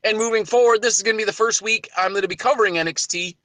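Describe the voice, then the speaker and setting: Male podcast host, high bright voice, emphatic ranting delivery. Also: rapid-fire, no room sound. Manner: emphatic, ranting rhetorical questions. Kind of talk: wrestling podcast commentary.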